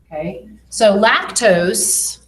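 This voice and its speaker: A woman teaching a biology class, explaining slowly and checking in with her students as she goes. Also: medium pitch, big pitch swings. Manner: slow, explanatory, checks in with okay. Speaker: biology instructor. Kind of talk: classroom lecture. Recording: echoey classroom with faint noise.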